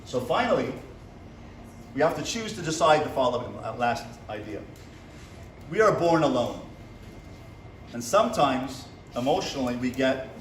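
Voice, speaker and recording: A man's voice: medium pitch, slight background noise. A man, a rabbi, giving a motivational lecture to a class, asking them questions and acting out small dialogues. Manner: asks the audience questions and acts out little dialogues. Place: seminary classroom. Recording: echoey room from a distance.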